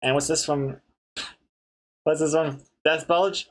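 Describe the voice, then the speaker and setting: Speaking slowly with frequent pauses, a comic artist on a live stream reads chat messages aloud and laughs at jokes. His voice is fairly high and fairly even in intonation.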